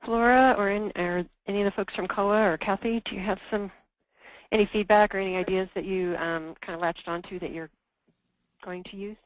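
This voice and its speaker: A woman's voice: mid-range voice, fairly even intonation, brisk, dry recording, low-quality recording. A woman leading a conference call discussion, hesitant and full of fillers and restarts. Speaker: meeting presenter.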